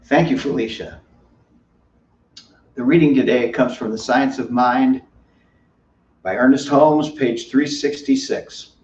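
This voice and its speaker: Man reading slowly from far off. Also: mid-range voice, steady tone, a little mellow. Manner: slow, measured, reverent reading. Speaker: minister. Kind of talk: reading a spiritual text aloud. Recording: distant, roomy, dull sound.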